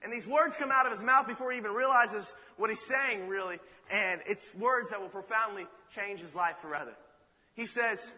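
A man preaches in a high, very bright voice, telling the story with dramatic, animated flair. Long reverb fills the hall around him. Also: moderate pace. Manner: dramatic, animated retelling with rhetorical asides. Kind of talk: sermon storytelling.

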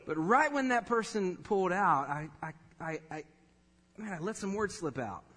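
A man in his thirties preaching a sermon, telling a personal story with laughter and animated delivery. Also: high voice, moderate pace. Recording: long reverb of a large hall.

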